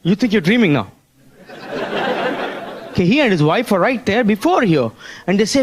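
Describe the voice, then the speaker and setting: A man's voice: sits high, very animated, moderate pace, long pauses, a faint crowd. A man giving a motivational business seminar talk, prodding the audience with rhetorical questions and "Hello?" while drawing on a board.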